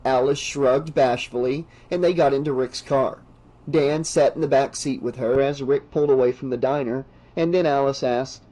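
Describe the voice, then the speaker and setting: A man narrating an audiobook in a measured, steady reading voice. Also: medium pitch, low-quality recording.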